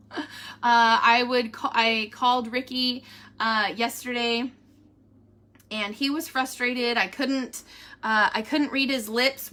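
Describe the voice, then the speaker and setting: A woman's voice: fairly high pitch, pushed and bright. A woman, chatting in a rambling, casual way, reading a devotional and giving a family update, sometimes close to tears. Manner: chatty, rambling, with fillers and laughs. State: emotional, near tears at times. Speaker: vlogger sharing a family update.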